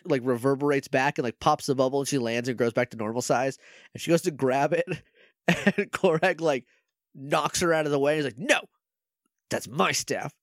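A podcast co-host with a fairly high-pitched voice chats casually in a recap, retelling scenes with quoted voices and laughter. The sound is clean studio audio with no echo.

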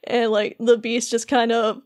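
A woman's voice: fairly high pitch, flat delivery, unhurried, a little mellow. Woman rambling through a game recap. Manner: rambling, fills with "like" constantly. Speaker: podcast co-host.

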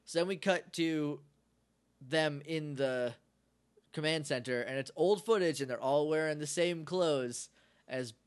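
A man's voice: fairly high pitch, a little slow. A man co-hosting a podcast, chatting casually as he recaps an episode and acts out the characters' lines. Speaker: podcast co-host.

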